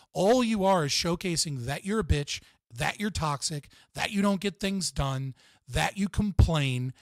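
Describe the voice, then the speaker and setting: A man's voice: fairly high pitch, no room sound. A man giving blunt, profane, rambling relationship advice in casual podcast talk.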